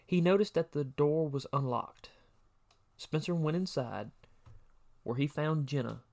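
A man's voice: fairly high pitch, a little mellow. A man co-hosting a true crime podcast, reading a prepared case summary with occasional personal asides. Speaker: podcast co-host.

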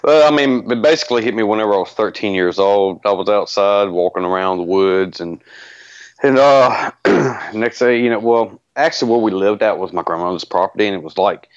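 An easygoing male radio guest with a deep Southern drawl who rambles comfortably through his stories. His voice sits low, and it comes through dry and muffled over a lo-fi line. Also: a little fast, clean tone, no room sound. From Mississippi, American South. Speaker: guest, paranormal investigator. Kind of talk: casual radio interview.

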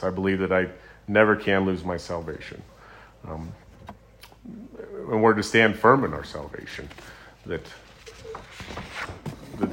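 A man's voice: low voice, a little hiss or hum. A man preaching a sermon in a conversational, earnest way, with ums and restarts as he retells scripture stories.

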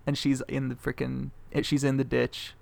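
A man's voice: mid-range voice, completely flat delivery, moderate pace, gravelly, a little mellow. A young man co-hosting a comedy podcast, casually and jokingly retelling a movie plot and laughing often. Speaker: podcast co-host.

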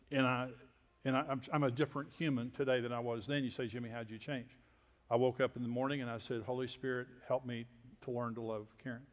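An older man from Texas, a preacher telling personal stories in a sermon with folksy, self-deprecating humor and quiet asides. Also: medium pitch. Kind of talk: sermon storytelling. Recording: long hall reverb.

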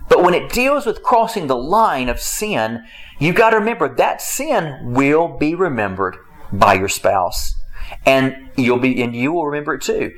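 A man giving a faith-based talk on marriage, emphatic and repetitive, with his pitch swinging up and down. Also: sing-song, measured pace, rough recording. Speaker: marriage teacher.

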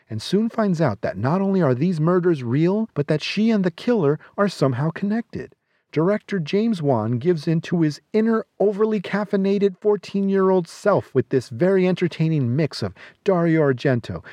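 A man's voice: a little high, warm tone, no echo. A man reading a scripted horror film countdown review with a wry, sardonic delivery.

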